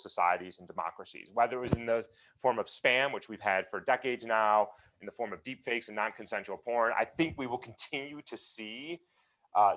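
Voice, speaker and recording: A man answering questions in a conversational talk, emphatic and animated, with many fillers and restarts. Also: fairly low pitch. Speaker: guest speaker.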